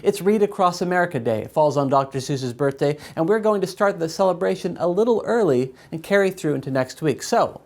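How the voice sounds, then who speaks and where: A man's voice: fairly high pitch, expressive, fairly quick, creaky, hardly any pauses. Male host, 30s, playful storybook-style delivery of scripted segments. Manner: playful, mock-fairy-tale delivery.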